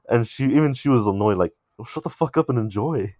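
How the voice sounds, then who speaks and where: A young man casually telling a long, animated story among friends, swearing freely. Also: mid-range voice, quick pace, no echo, studio quality.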